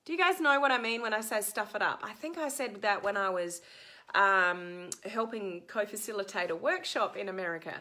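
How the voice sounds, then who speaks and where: A woman's voice: mid-range voice, moderate pace, pushed and bright. A middle-aged Australian woman coaching on social media in a chatty live stream, reading out and answering viewer comments with frequent ums.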